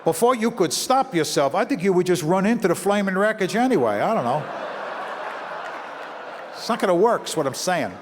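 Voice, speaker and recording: A man from Brooklyn working a live crowd, spinning animated stories with quick acted-out voices. His voice sits a touch high. It carries through a large hall with a long reverb tail and a faint hum of ambience behind. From Brooklyn, New York. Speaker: comedian and motivational speaker. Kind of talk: stand-up comedy talk to an audience.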